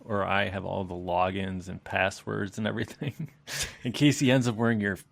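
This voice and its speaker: A man co-hosting a podcast with dry, deadpan jokes in casual chat. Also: on the low side, normal speed, gravelly, dry recording. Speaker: podcast co-host.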